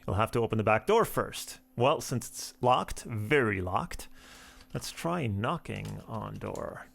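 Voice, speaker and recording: A man's voice: mid-range voice, animated, a little slow, creaky, fairly bright tone, no room sound. A man hosting a let's play of a text adventure, reading the game's text aloud at an easy pace. He breaks off now and then for wry asides. His voice sits in a mid range, close on a dry microphone.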